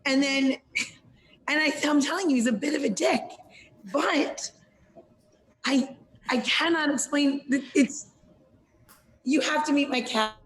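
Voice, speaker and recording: A woman co-hosting a podcast, telling a story with animated, laughing energy. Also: high-pitched, a little slow, pauses often, echoey room, rough recording. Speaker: co-host. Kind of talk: casual podcast chat.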